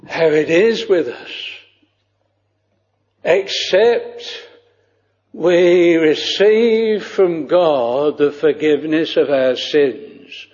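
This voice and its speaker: A man preaching a sermon, slow and solemn, with old-fashioned scriptural phrasing, on a dull lo-fi recording. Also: on the high side, in a large hall.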